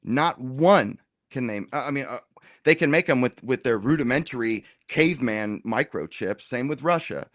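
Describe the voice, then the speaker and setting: A man argues his side in a casual roundtable with slangy, animated delivery. His voice sits at a middle pitch. The sound is dry and close, with no room echo. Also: normal speed. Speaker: roundtable guest. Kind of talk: casual political debate.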